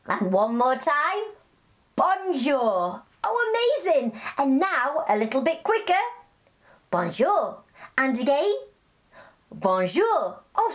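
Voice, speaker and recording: A woman from England hosting a children's show, cheerful and encouraging, speaking slowly and clearly for young children. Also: very high-pitched. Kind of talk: children's TV presenting.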